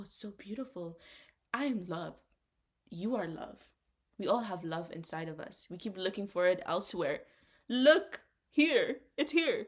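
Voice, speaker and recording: A young woman co-hosting a casual podcast chat, talking in an earnest, encouraging way. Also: medium pitch. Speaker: podcast co-host.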